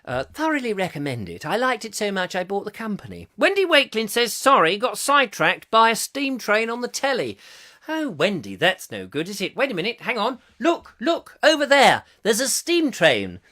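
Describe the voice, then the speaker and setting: A man's voice: high-pitched, huge pitch swings, brisk, pushed and bright. A man hosting a playful live-stream chat show, rambling and reading viewer comments aloud with sudden silly outbursts. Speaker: host.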